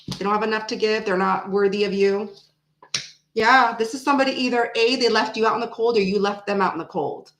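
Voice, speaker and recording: A woman's voice: mid-range voice, brisk, echoey room, low-quality recording. A woman doing a casual tarot reading to the camera, thinking aloud and repeating her phrases as she pulls cards. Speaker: tarot reader.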